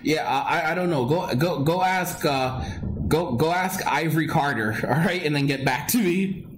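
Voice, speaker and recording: A livestream host, this man speaks at an ordinary speed in a slightly high voice, with noise behind him. Chatting casually with viewers and reading out their comments, he rambles and repeats himself, often restarting and laughing.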